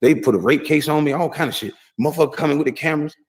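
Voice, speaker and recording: A man's voice: fairly high pitch, rapid-fire. Boastful rambling man telling stories. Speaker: guest telling stories, played as a clip. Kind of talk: casual storytelling.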